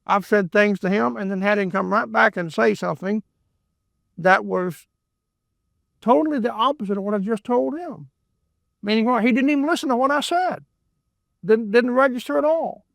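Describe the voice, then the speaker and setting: A man's voice: high-pitched, normal speed, gravelly, long pauses, fairly bright tone, dry recording, studio quality. A man teaching a Bible book verse by verse in a folksy, rambling way, often repeating words and adding asides. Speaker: preacher.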